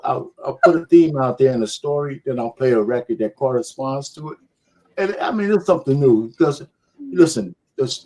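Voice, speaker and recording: Easygoing man chatting on a panel. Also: medium pitch. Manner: relaxed, rambling, laughs easily. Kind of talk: casual panel chat.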